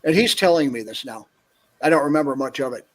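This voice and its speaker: A man from northern Minnesota, a guest, telling an animated story on a video call and acting out what people said. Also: mid-range voice, quick pace. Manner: animated anecdote, acts out quoted dialogue. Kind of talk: casual storytelling on a call-in show.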